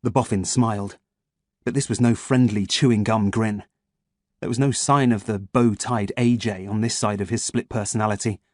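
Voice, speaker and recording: A man with a fairly low voice narrates an audiobook in a steady, measured storytelling style. The sound is clean studio quality with no room echo.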